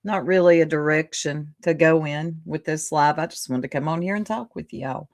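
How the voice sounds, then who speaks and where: A woman's voice: sits low, moderate pace, dry recording, studio quality. A woman hosting a livestream, chatting casually with her viewers, greeting them by name and laughing often. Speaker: livestream host. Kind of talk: casual chat with live viewers.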